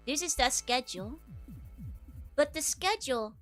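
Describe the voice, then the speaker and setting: A high-pitched woman with a Dutch accent chats on stream, giggling often and greeting her viewers one by one. Her throat sounds tickly and scratchy, and faint music plays behind her. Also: animated, slow. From Netherlands. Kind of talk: casual stream chat.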